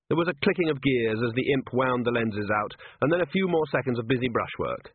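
A man reading a comic novel aloud as narrator, in a lively, expressive way. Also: medium pitch, fairly quick, slightly rough, dry recording. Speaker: audiobook narrator. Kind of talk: scripted narration. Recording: tinny dry phone-like sound.

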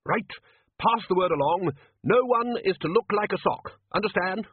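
A man voicing Ridcully, a loud, bossy older wizard, in a tinny recording. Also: sits high, animated, moderate pace, slightly rough, dry recording, pitched above the performer's own voice. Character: Ridcully, blustering older male archchancellor. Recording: tinny phone-like audio.

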